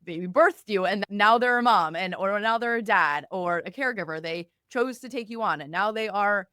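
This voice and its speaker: Woman host, casual and reflective, mid pitch, dry close-miked podcast voice. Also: moderate pace, pushed and bright, clean tone, no room sound. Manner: reflective, many "like" fillers, affirming murmurs. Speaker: podcast host, binge eating coach.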